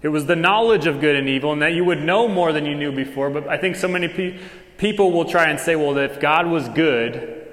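A male pastor preaching a sermon in a relaxed, conversational way, acting out quick little dialogues as he goes. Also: a little high. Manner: casual conversational preaching with quick dramatized asides. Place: church hall. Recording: echoey hall with long reverb.

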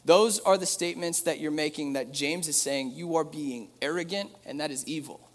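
A man's voice: a little high, normal speed. Man preaching in an echoing hall. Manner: conversational, joking asides. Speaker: pastor. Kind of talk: sermon. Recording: long hall reverb.

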